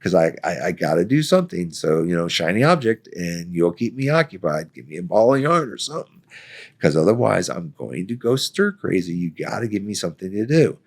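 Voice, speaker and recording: A man's voice: low-pitched, very animated, a little fast. A man from Florida, a veteran, telling a story casually, acting out the quoted lines and laughing often. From Florida, United States. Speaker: guest, Army veteran.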